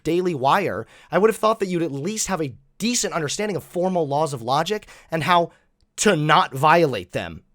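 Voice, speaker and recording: A man's voice: a little high, animated, moderate pace, fairly bright tone, dry recording, studio quality. A man giving sarcastic, exasperated commentary while reacting to clips.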